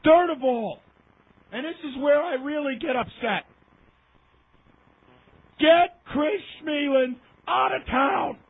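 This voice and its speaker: Impassioned high-voiced man on a phone line. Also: slow pace, long pauses. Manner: heated, emphatic, repeats himself for effect. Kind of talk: impassioned sports rant.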